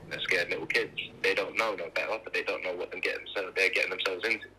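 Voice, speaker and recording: A man's voice: deep voice, fairly even intonation, fast, pushed and bright, breathy edge, low-quality recording. A young man telling his own story in a documentary interview, blunt and swearing freely. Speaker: interviewee, knife attack survivor.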